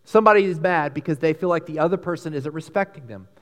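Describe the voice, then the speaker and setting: A man with a Texan accent preaching a sermon, emphatic and animated, swinging between loud peaks and hushed lines. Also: a little high, fast, long reverb tail. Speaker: pastor.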